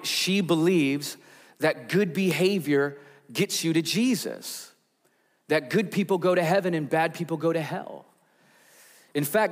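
Man preaching in a reverberant church. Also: a little high. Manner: conversational storytelling with many uh fillers. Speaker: pastor. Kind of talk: sermon. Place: church sanctuary. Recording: long church hall reverb.

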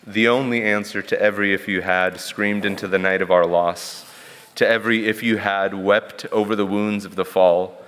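A man's voice: on the low side, fairly bright tone, in a large hall. A man preaching a sermon in an earnest, emphatic way, building points through rhetorical repetition.

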